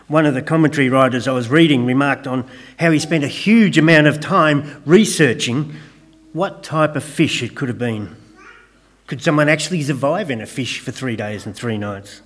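A man preaching a sermon, gentle and conversational with light humor, praying in a soft, hushed way. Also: medium pitch. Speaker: pastor.

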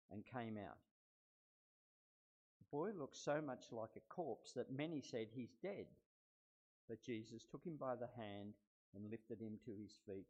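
A man's voice: medium pitch, darkish tone, lo-fi sound. Man reading scripture in church. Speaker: scripture reader.

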